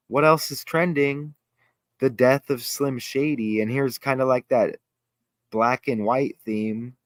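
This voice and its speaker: Excitable rambling man hosting a livestream. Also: mid-range voice, no room sound. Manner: excitable, rambling, thinks aloud while reading. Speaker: host. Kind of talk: casual livestream chat.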